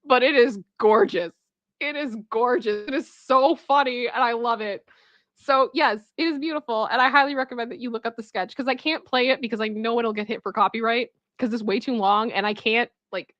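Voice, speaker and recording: A woman hosting a casual livestream who chats with viewers and retells a comedy sketch in an animated way. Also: a little high, moderate pace, no room sound, muffled recording. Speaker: livestream host.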